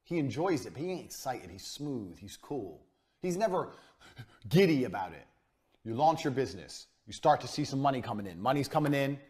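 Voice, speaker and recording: A man's voice: mid-range voice, sing-song, brisk, a little mellow. A man giving a business course lecture, talking bluntly and commandingly and swearing often. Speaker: business coach.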